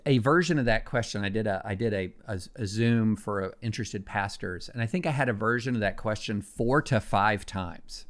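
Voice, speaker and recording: A man's voice: lowish voice, moderate pace, hardly any pauses. Earnest, emphatic man as a podcast guest. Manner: earnest, emphatic, answers with conviction. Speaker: guest commentator. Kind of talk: podcast conversation.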